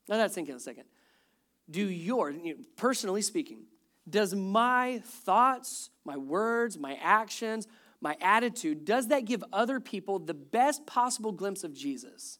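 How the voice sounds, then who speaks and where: A man's voice: high-pitched, a bit bright. A man in his thirties preaching a sermon as pastor, speaking conversationally, with wry humor and repeated emphasis on key words.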